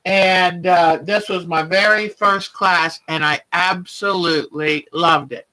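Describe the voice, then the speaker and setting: A woman's voice: on the low side, steady tone, takes it slowly, sharp tone, low-quality recording. A woman hosting a quilting livestream, chatting casually and greeting viewers by name as she rambles along.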